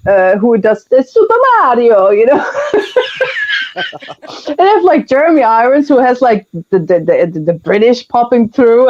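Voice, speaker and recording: A woman's voice: fairly high pitch, a little mellow. A woman from the Netherlands hosting a casual stream hangout, laughing often while she tells stories. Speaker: stream host. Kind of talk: casual chat. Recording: dull lo-fi sound.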